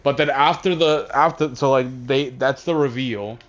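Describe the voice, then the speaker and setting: A man casually recapping a movie while playing a game, rambling and halting, often distracted. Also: medium pitch. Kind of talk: casual chat. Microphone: console voice chat headset. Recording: dull lo-fi voice chat audio.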